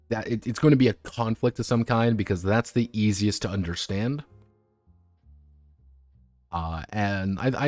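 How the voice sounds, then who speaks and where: Man, streamer, low voice, animated pitch, dry close sound, rambling, stumbling restarts. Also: dry recording. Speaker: streamer reviewing tabletop games. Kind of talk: casual livestream commentary.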